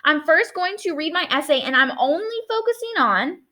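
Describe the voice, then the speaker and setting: Woman teacher with a high, bright voice, talks kids through editing in a friendly way. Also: animated, moderate pace. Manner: friendly, thinking aloud while reading her own essay. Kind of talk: classroom lesson for children at home.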